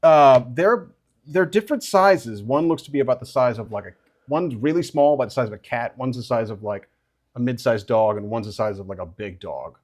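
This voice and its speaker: A man running a tabletop game as game master, describing scenes with halting, filler-heavy narration. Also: mid-range voice. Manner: halting, full of fillers and restarts.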